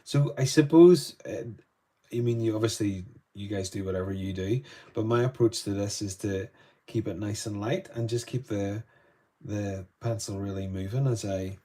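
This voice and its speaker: A man's voice: on the low side, normal speed, mellow. A Northern Irish man chatting loosely through a live painting lesson, greeting viewers between strokes. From Northern Ireland. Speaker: art tutor.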